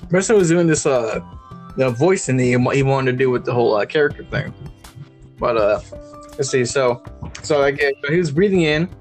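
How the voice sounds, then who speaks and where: A man's voice: mid-range voice, animated, moderate pace, soft background music. A young man hosting a podcast, chatting casually in a rambling way. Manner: rambling, lots of fillers. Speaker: podcast host. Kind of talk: casual chat.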